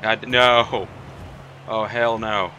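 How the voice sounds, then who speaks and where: A young man giving excited, trash-talking commentary while playing a video game, tossing "man" and "mate" into nearly every line. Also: lowish voice, extremely slow, lo-fi sound, slight background noise. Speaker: gamer. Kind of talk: live gameplay commentary.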